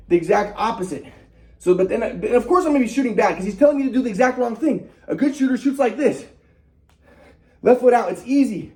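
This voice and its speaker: A man's voice: high voice, rapid-fire, darkish tone, slightly rough. A young man telling a personal story in a rambling, aggrieved way, with many restarts and repetitions. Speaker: vlogger.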